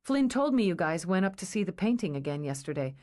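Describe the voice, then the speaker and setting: A woman's voice: lowish voice, very animated, brisk, darkish tone. A woman reading aloud, voicing a blunt, dry-humored young woman.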